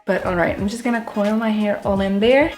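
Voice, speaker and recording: A woman's voice: mid-range voice, brisk, a little mellow. Chatty woman in a roomy room. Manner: chatty, swears casually, talks to herself. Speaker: hair care vlogger. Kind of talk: casual how-to vlog. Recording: roomy echo with faint music.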